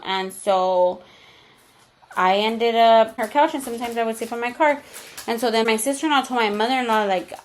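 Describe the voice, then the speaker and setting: With a voice a little higher than most, a young woman co-hosting a casual podcast recounts a long personal story openly. She's candid and profane, swearing freely and slipping into Spanish slang now and then.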